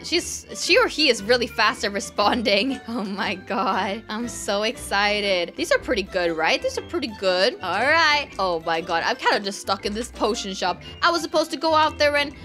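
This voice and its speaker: A young woman gaming vlogger giving excited, gushing commentary over her gameplay, full of exclamations. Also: mid-range voice, normal speed, few pauses, soft background music.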